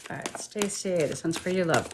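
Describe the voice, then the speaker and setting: A chatty middle-aged woman with a somewhat low voice, casually reading tarot cards for viewers on a live stream. She greets people by name and mutters little asides to herself between readings. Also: normal speed, noisy background. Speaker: tarot card reader.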